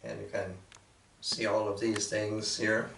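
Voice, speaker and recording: A man giving a reflective, unhurried talk, with measured pauses and frequent fillers. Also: on the low side, level tone, fairly bright tone, slight background noise. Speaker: speaker presenting a painting. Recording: roomy echo from a distant mic.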